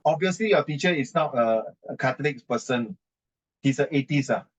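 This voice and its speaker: A man's voice: medium pitch, lively intonation, moderate pace, poor audio. A man with a Singaporean English accent ranting indignantly in conversation, emphatic and repetitive, slipping into Mandarin and Singlish. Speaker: adult giving writing advice.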